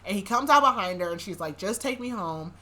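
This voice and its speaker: A woman's voice: medium pitch, expressive, a little fast, pushed and bright. A young woman hosting a podcast, recapping a novel in a chatty way, with sarcastic asides and frequent laughs. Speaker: podcast host. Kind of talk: casual book recap.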